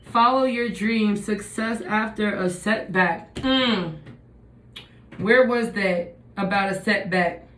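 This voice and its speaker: A woman's voice: medium pitch, slow pace, fairly bright tone, a little hiss or hum. A woman giving a casual tarot reading, musing and thinking aloud as she turns over the cards. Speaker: tarot reader. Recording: echoey room.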